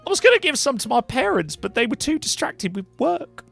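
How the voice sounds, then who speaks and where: A man voicing a weary, polite woman mage and potion brewer in a higher put-on voice with a questionable accent, chatty and dry. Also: big pitch swings, a little fast, creaky, fairly bright tone, faint music behind, full character voice. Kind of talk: voicing characters in a cozy narrative game.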